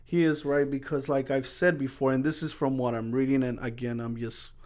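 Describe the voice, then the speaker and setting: A young man talks through his week on his own podcast in a loose, rambling way, in a voice of ordinary pitch for a man. He often stops to correct himself and acts out what he and others said. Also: level tone, a little fast, darkish tone. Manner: rambling storyteller, self-correcting, acts out quoted exchanges. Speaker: podcast host. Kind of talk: casual solo podcast chat.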